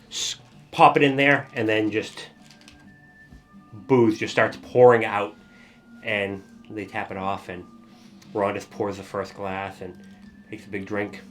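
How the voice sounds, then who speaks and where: A man narrating as game master of a tabletop game, talking loosely and filling pauses with ums and kind-ofs. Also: lowish voice, little pitch movement, fairly bright tone, soft background music. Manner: loose, rambling narration with fillers.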